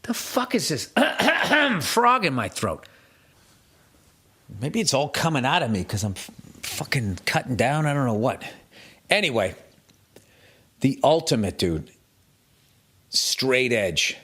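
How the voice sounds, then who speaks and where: A man's voice: medium pitch, very animated, slow, long pauses, pushed and bright, husky. A middle-aged man hosting his podcast alone, ranting in a profane, self-mocking, comedic way. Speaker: podcast host. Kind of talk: solo comedic podcast rant.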